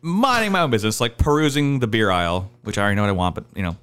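A man's voice: racing, clean tone. A man in his thirties telling stories in casual chat, swearing freely and acting out the people in them. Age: 30s. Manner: animated, acts out the people in his stories with big pitch jumps; swears a lot. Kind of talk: casual storytelling.

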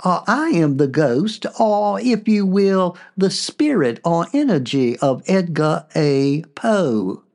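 A man voicing the courtly, soft-spoken ghost of a 19th-century male poet, with a Southern drawl. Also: high voice, sing-song, slow, few pauses, exaggerated voice.

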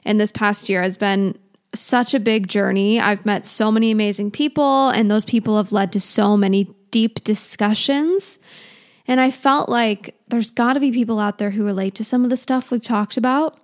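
A woman's voice: medium pitch, steady tone, moderate pace. A woman in her twenties hosting her own podcast in casual solo chat, rambling and self-deprecating, often restarting herself. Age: 20s. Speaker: podcast host.

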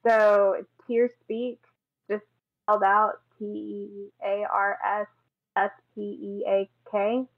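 Woman, guest author, gravelly, earnest, dull remote call audio, dry. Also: mid-range voice, little pitch movement, takes it slowly, no room sound. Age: adult with a daughter. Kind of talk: remote interview conversation. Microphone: headphones on a call.

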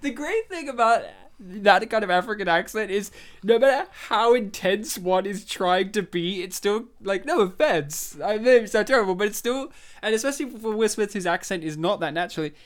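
A podcast host chatting casually about a movie, rambling with quick asides and frequent laughs. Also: mid-range voice, expressive. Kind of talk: casual movie review chat.

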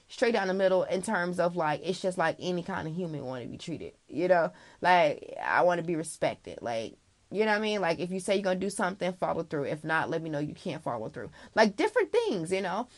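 A woman giving frank, casual advice straight to the listener, calling them girl, swearing freely and filling her talk with okay and you know. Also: on the low side. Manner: chatty, full of fillers like okay and you know. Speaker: vlogger giving life advice.

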